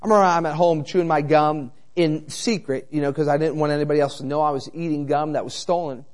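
Animated preacher man, slightly high voice. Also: fast. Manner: animated, conversational, frequent rhetorical asides. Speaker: traveling evangelist preacher. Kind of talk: sermon with personal storytelling.

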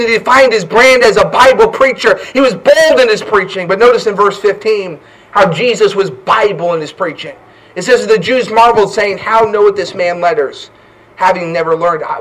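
A man's voice: high voice, fairly bright tone, distant mic, poor audio. A man preaching a fervent sermon as pastor, often tossing in "right?" asides.

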